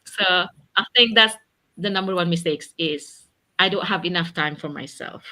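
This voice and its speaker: A woman's voice: fairly low pitch, normal speed, pushed and bright. A woman on a video call talking earnestly in a casual chat, often laughing as she speaks. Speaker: accountability partner sharing in a group chat.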